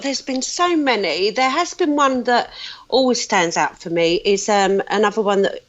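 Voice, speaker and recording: A woman's voice: medium pitch, animated, moderate pace. Chatty British woman, slightly dull audio. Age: 30s or older. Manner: chatty storyteller, laughs often, many fillers. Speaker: psychic guest. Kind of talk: casual podcast interview.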